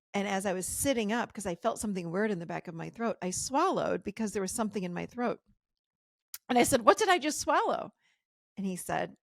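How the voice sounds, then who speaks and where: Woman storyteller with a gravelly edge. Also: no echo, clean studio sound. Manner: animated retelling, voice jumps high when quoting her shock. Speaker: podcast host. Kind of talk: personal storytelling.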